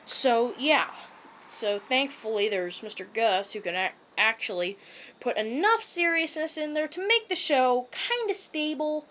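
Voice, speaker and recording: A high-pitched woman rants about a cartoon in a casual, rambling way. She strings thoughts together with constant "um"s and "like"s as she reviews. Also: lively intonation, measured pace, a bit bright. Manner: rambling, heavy on fillers like "um" and "like".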